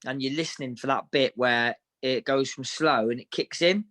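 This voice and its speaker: A man recounts his fights in a relaxed, frank interview. His voice sits at an ordinary middle pitch. He talks matter-of-factly and in anecdotes. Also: moderate pace. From Devon, England. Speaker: professional boxer, interview guest. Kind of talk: casual interview storytelling.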